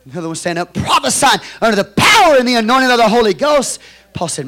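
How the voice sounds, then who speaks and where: Speaking fast in a voice that sits high, a pastor with a Texan accent moves through his sermon from hushed storytelling up to shouted, forceful exhortation.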